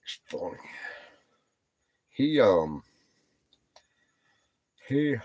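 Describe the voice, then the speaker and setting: A man's voice: medium pitch, big pitch swings, very slow, darkish tone, no room sound. A man in his sixties hosting a casual livestream, joking and rambling as he chats with viewers. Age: 60s. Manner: joking, rambling, teasing the chat. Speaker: livestream host. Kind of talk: casual live chat with viewers.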